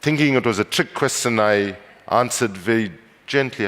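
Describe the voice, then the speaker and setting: Man from South Africa, conference speech, wry storytelling, mid-pitched voice, long hall echo. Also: normal speed, a bit bright. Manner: storytelling, wry humor, rising to emphatic passion. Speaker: speaker.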